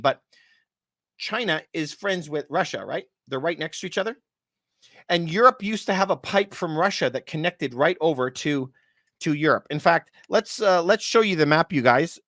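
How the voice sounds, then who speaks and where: A man in his thirties speaks straight to his viewers with fairly high pitch for a man. He presses his points hard and repeats himself for emphasis. The sound is dry and close, with no room echo. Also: a bit bright. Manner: emphatic and repetitive, often calls things unbelievable. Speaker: real estate video host. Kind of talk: casual commentary to viewers.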